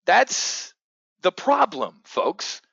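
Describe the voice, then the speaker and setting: A man's voice: high-pitched, wildly swooping pitch, drawn-out words, creaky, a bit bright, slightly rough, dry recording, muffled recording. A man hosting a casual live market briefing for options traders, blunt, profane and rambling. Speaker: options trading host.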